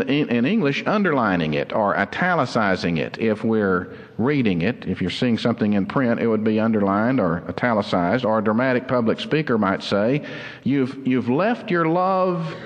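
A man preaching a sermon as pastor, earnest and explanatory, slowing down to stress key words. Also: lowish voice, animated, in a large hall, lo-fi sound. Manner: earnest, explanatory, slows down for emphasis.

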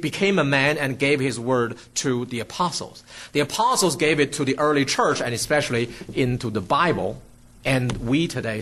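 A man's voice: medium pitch, husky. A man preaching a teaching sermon, often checking in with "okay?" and "right?" and restarting his words as he explains. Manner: restarts and fillers, lively explaining.

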